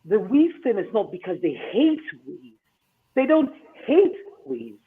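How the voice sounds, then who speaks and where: A man's voice: high voice, very animated, unhurried, a little hiss or hum. A man hosting a talk show. He gives advice in an emphatic monologue and keeps asking "okay?". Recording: tinny phone-line sound.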